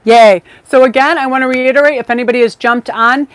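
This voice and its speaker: A woman's voice: high-pitched, steady tone, fast, a bit bright. A woman hosting a live-stream tarot reading, talking in an effusive, rambling, chatty way with many fillers.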